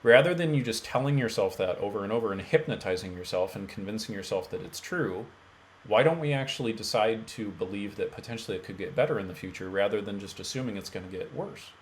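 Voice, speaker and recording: A man's voice: on the low side, expressive, quick pace, a little hiss or hum. A man speaking as a mental health coach, talking bluntly and emphatically straight to his viewers. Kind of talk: direct-to-camera coaching talk.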